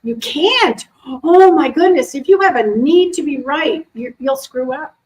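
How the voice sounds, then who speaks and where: A middle-aged woman, an animal communicator, chatting casually to a live audience and answering questions in a lively, animated way. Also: high voice, a little slow, poor audio. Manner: chatty, animated, acts out quoted voices. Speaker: animal communicator and intuition teacher.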